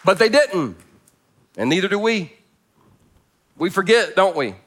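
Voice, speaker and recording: A man preaching a sermon to his church congregation, conversational and joking, swinging from loud emphasis down to hushed, quiet lines. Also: high-pitched, very animated, measured pace, a faint crowd. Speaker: pastor.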